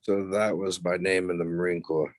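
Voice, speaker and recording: A man's voice: low-pitched, level tone, moderate pace, dry recording. A man as a podcast guest, telling stories in a blunt, profane, boastful way. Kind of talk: casual storytelling interview.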